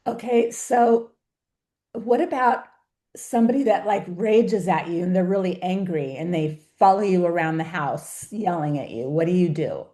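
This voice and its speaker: A woman's voice: on the low side, moderate pace, mellow, roomy sound. A woman hosting a webinar interview, asking thoughtful questions over a video call. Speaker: webinar host.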